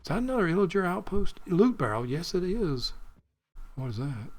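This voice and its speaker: A man's voice: high-pitched, very animated, normal speed, a little mellow. A man giving rambling, chatty commentary while playing a video game, thinking aloud and drifting off topic. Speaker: gaming video creator. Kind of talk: rambling let's-play commentary.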